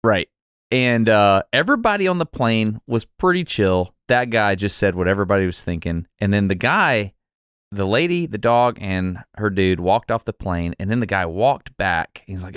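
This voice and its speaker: A podcast co-host, male, tells a story conversationally and animatedly performs the characters' lines with laughs. His voice is lowish and smooth, moving at a moderate pace in a dry, studio-quality recording.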